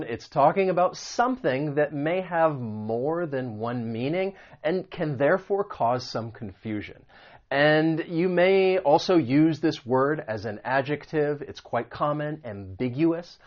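An American man teaching vocabulary and pronunciation in a patient way, saying words slowly and repeating them. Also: on the high side, highs cut off. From United States. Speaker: English teacher. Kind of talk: pronunciation lesson.

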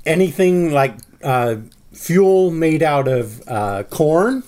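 Man with a fairly high, easygoing voice. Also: expressive, slow pace, darkish tone. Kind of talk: casual podcast chat.

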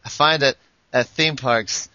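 Bright-voiced joking man on a podcast. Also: mid-range voice, unhurried, no room sound, lo-fi sound. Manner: jokey, laughs often. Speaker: podcast co-host. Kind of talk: casual sports podcast banter.

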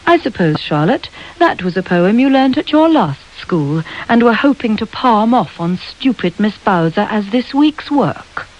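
A woman's voice: medium pitch, very animated, unhurried, few pauses, muffled recording, pitched above the performer's own voice. A woman voicing a stern middle-aged headmistress who talks coldly and scolds. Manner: cold and scolding.

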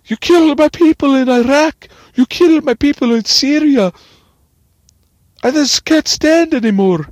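A man voicing an enraged gunman who shouts angrily into a phone. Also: very high-pitched, measured pace, no echo, pitched above the performer's own voice. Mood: enraged ranting.

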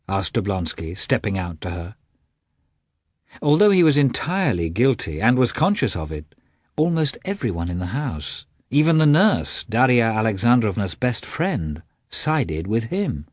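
A man narrating a classic novel as an audiobook, reading in a measured, expressive way with a husky voice. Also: lowish voice, dry recording, clean studio sound.

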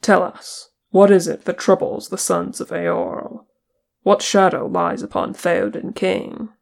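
A reader voicing a grave, steady male ranger leader, speaking calmly and with measure in an audiobook. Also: medium pitch, gravelly. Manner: calm, measured. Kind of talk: audiobook character reading.

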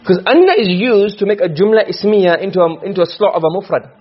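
A man lectures a class at speed, his voice high-pitched and a little husky. He keeps stopping to quiz his students. The recording is dull and low-fidelity. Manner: quick, questioning students often, mixing Arabic terms. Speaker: teacher of Arabic rhetoric.

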